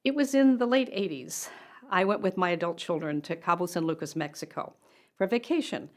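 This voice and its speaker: A woman's voice: fairly low pitch, expressive, fairly quick. An older woman, a motivational speaker, telling a personal story straight to camera in an earnest, conversational way.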